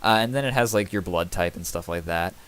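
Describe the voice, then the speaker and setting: Man running a tabletop game, low voice. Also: a little fast, clear, resonant tone. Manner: rambling, hesitant descriptions with many fillers; bursts into loud exasperated yelling. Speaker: game master.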